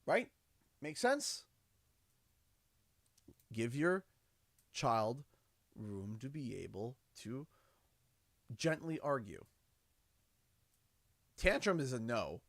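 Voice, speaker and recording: A man's voice: medium pitch, drawn-out words, pauses often, no room sound, studio quality. A man in his thirties, a livestream host chatting casually and acting out family conversations in quotes. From Canada. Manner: animated storytelling, acts out his kids' and his own lines in quotes.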